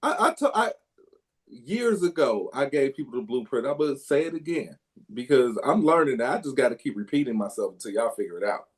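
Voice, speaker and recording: A man's voice: mid-range voice, lively intonation, brisk, a little mellow. A man co-hosting a casual basketball talk show, emphatic and a bit preachy when he makes his case. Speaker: podcast co-host.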